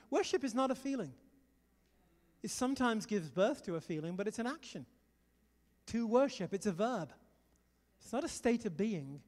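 Brief: middle-aged male preacher, high voice, lively storytelling, big reverberant hall. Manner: animated storytelling, rallying the crowd. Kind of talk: sermon.

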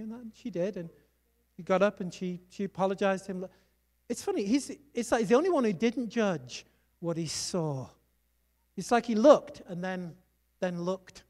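A preacher delivering a sermon, telling personal stories and urging listeners on with quick asides. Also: mid-range voice, expressive, darkish tone. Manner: exhorting, storytelling, quick asides.

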